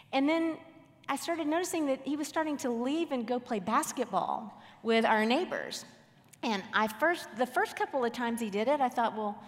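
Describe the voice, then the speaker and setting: A woman earnestly telling an audience a personal story from her marriage, in a reflective way. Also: fairly high pitch. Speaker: marriage speaker. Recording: reverberant hall.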